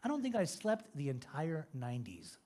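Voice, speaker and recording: A man in his fifties giving a recovery testimony, telling his story in an animated, joking way. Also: a little high, moderate pace. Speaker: recovery speaker.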